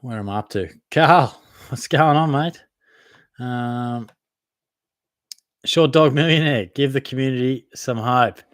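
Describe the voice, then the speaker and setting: A young Australian fantasy football podcast host takes it slowly, pausing often, in a mid-range voice. During a live Q&A he reads out viewer comments and responds casually like a mate, regularly laughing at himself; the studio recording has no echo.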